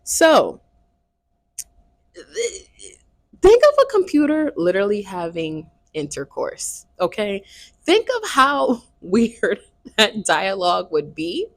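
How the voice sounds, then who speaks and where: A woman's voice: medium pitch, huge pitch swings, a little slow, no echo. A woman chatting casually to her viewers in a book review vlog. She swears freely and keeps checking in with her audience.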